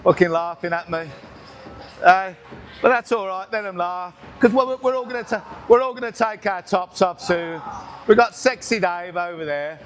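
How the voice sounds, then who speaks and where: A man's voice: high voice, moderate pace. A man, talking casually through a workout in a gym, joking, swearing and short of breath between reps. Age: 60s. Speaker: gym vlogger. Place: busy gym with music playing. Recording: gym music in background.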